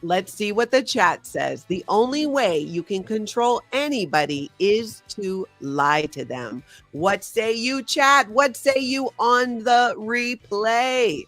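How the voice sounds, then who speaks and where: A woman's voice: mid-range voice, expressive, takes it slowly, few pauses, fairly bright tone, no echo, faint music behind. A woman hosting a live-stream quiz, reading viewer names and scores aloud. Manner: reads out chat names and scores, upbeat. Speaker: host. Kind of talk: live-stream game chat.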